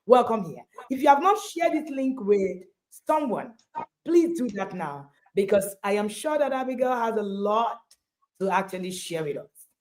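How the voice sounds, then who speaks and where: A woman hosting a parenting livestream, exuberant and animated, laughing often. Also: mid-range voice, normal speed. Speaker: host and parenting coach. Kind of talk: livestream interview.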